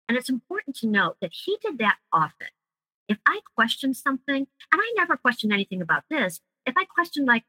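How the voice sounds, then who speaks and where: Bright, dry-voiced woman telling her story. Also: on the low side, expressive, brisk, husky, dry recording, rough recording. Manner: earnest, vivid storytelling. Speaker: guest. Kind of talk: personal story in interview.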